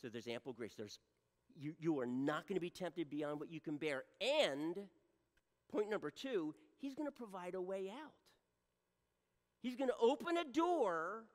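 A pastor preaching a sermon to a congregation, swinging from loud exhortation down to a hushed near-whisper and often checking in with the listeners. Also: mid-range voice, expressive, unhurried, in a large hall. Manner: direct address to congregation, repeated rhetorical checks.

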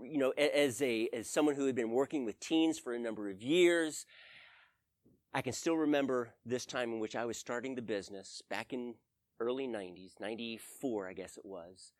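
Animated male preacher, lively pitch. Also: no echo. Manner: animated, acts out his own pleading prayers in a raised voice. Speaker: pastor. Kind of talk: sermon.

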